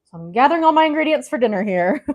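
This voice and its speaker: A woman's voice: high-pitched, lively intonation, quick pace, darkish tone. A woman vlogging casually from her home kitchen, out of breath and frazzled, chatting to herself as she gathers things. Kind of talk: casual cooking vlog chat.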